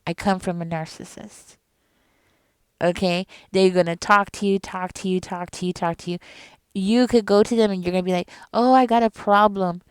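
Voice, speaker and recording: A woman's voice: lowish voice, moderate pace, smooth, no echo. Emphatic woman reading tarot cards. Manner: emphatic, animated, talks straight to the viewer. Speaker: tarot reader. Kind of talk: casual tarot reading to camera.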